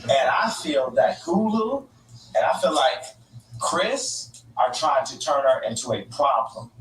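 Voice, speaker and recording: A man's voice: mid-range voice, sing-song, a little slow, fairly bright tone. A man speaking as a podcast guest, emphatic and preachy in conversation. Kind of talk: conversational interview talk. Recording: echoey far-off podcast clip.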